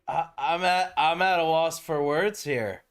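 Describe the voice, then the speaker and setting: A man live-streaming a strategy game, chatting casually with viewers and breaking into loud, shocked exclamations. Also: on the high side, clear, resonant tone.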